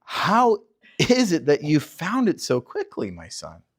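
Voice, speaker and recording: A man voicing a suspicious, elderly blind father who questions his son slowly. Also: a little high, wildly swooping pitch, heavily acted.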